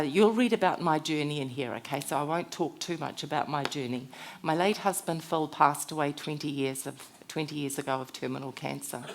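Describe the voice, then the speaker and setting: A woman's voice: deep voice, slight background noise. A woman speaker at a conference, telling personal stories in a heartfelt motivational talk.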